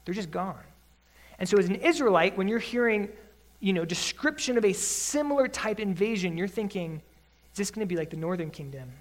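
A man preaching an expository sermon as a Bible teacher, reading scripture slowly, then explaining it conversationally with earnest, rising emphasis. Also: high-pitched.

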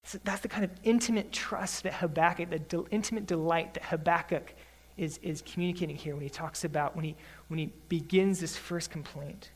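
A man delivers an expository sermon. He reads scripture at a slow, measured pace, then shifts into conversational explanation. His emphasis rises earnestly on key points. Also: fairly high pitch, steady tone. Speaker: Bible teacher.

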